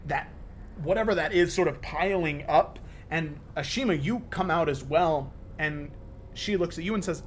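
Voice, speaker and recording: Guy gm narrating a tabletop game, kinda high voice, rambly with lots of ums, faint hiss behind. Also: normal speed. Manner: lively, stumbling storytelling with many fillers. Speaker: game master.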